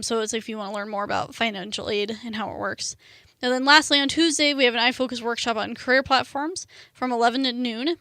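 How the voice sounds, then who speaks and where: Young woman, student radio DJ, casual chatty delivery, bright, a bit high voice. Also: dry recording, studio quality. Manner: chatty, lots of "like" and "um". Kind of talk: casual radio show chat.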